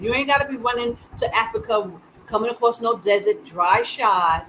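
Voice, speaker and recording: Live-stream host, urgent and repetitive, medium pitch, faint background noise. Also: normal speed, few pauses, a bit bright, low-quality recording. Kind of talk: live news commentary.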